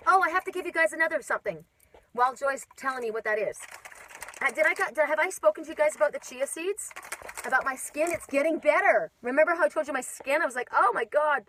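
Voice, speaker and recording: A woman spiritual reader chatting casually on a live stream, rambling and animated, talking into her phone outdoors in the mountains. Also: high voice, quick pace, a little hiss or hum, low-quality recording.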